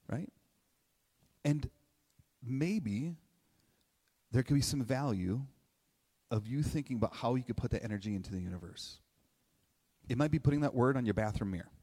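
Animated middle-aged man speaking in a hall. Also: mid-range voice. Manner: conversational, animated, asks many questions, keeps tagging "right?". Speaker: motivational speaker. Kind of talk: live talk to an audience. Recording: long hall reverb.

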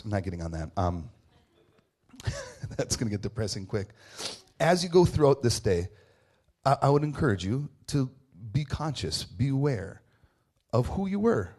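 A man's voice: mid-range voice, very animated, normal speed, long pauses, a little mellow. A man in his thirties giving a casual, conversational sermon as a pastor. He talks informally and earnestly, tells personal stories and keeps checking in with "right?". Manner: informal, repeats "right?" often, restarts phrases.

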